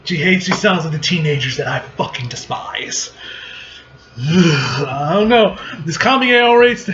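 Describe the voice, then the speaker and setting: A man's voice: fairly high pitch, expressive, unhurried, long pauses, fairly bright tone. A young man casually reacting to a comic he reads aloud, blunt and profane. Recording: lo-fi recording with faint noise.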